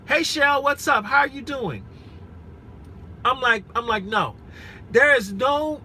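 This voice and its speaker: Bright-voiced frank man in his forties. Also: extremely high pitch, a little hiss or hum, poor audio. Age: 40s. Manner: frank and earnest, repeats himself, many restarts. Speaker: rideshare driver vlogger. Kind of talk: live-stream chat with viewers. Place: inside a rented SUV.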